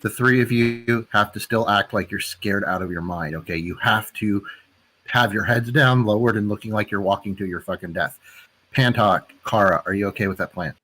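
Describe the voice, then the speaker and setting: A man playing a tabletop game, thinking through a plan out loud and second-guessing himself. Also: fairly low pitch, moderate pace, slight background noise. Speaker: player. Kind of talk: casual tabletop game talk.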